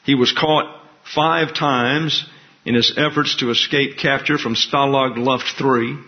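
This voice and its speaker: A man giving a history presentation in a steady, measured reading voice, with occasional asides. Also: medium pitch. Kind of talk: reading a prepared history talk. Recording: dull lo-fi recording.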